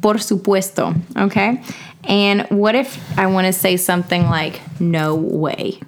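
A woman's voice: mid-range voice, fairly even intonation, a little slow, slight background noise. A woman co-hosting a casual podcast, asking playful questions and laughing often. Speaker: podcast co-host.

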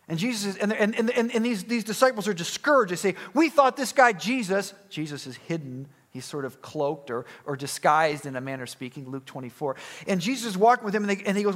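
A male pastor delivering a sermon with a fairly high voice that rises and falls a lot. He acts out the quoted dialogue, swinging from loud, raised lines down to hushed asides.

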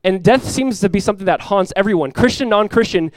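A man in his thirties, a pastor preaching a sermon and telling a family story with lively, rising emphasis. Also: sits high, quick pace, no echo. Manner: animated storytelling, rises loud when acting out his talks with his son.

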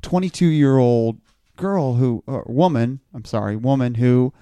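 A man's voice: mid-range voice, a little slow, dark tone, clean tone, no echo. A man podcast host telling a long story in casual chat, rambling and stammering as he repeats words.

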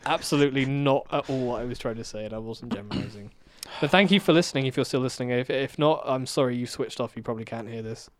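A man co-hosting a podcast, rambling through a story with restarts and trailing off quietly at the ends of thoughts. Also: mid-range voice, fast, hardly any pauses. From England. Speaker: podcast co-host. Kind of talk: casual chat.

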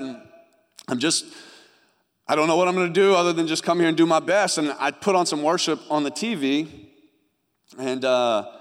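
A young man preaching a sermon, giving an earnest personal testimony that rises and falls in intensity. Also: on the high side. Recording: long hall reverb.

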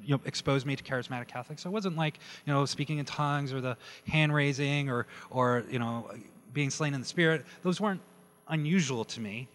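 A man preaching his personal testimony, telling the story with animated energy and acting out quoted dialogue. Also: medium pitch, brisk. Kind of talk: testimony sermon. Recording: long hall reverb.

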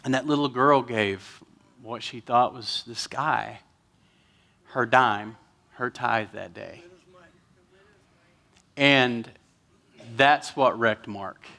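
A man's voice: mid-range voice, drawn-out words, creaky, pauses often, bright, forceful tone. A man, a pastor telling an emotional story during a sermon and getting choked up at times.

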